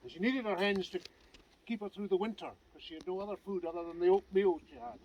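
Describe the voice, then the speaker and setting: A Scottish man telling a local legend outdoors in a lively, conversational way with asides to his listeners. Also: sits high, fast, slight background noise, low-quality recording. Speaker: clan society vice president. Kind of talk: outdoor folk storytelling. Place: outdoors by a standing stone.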